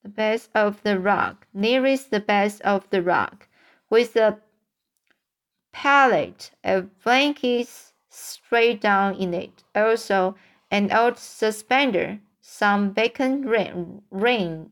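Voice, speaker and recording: A woman reading a children's storybook aloud in a halting way, often stumbling over words and starting them again. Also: medium pitch. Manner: halting, frequent stumbles and restarts. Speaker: audiobook reader.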